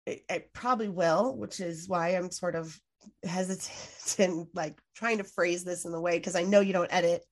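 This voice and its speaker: A woman speaking as a podcast guest in a candid interview, earnest and emphatic, full of "like" fillers and quick restarts, sometimes swearing. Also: on the low side, steady tone. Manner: frequent "like" fillers, self-restarts.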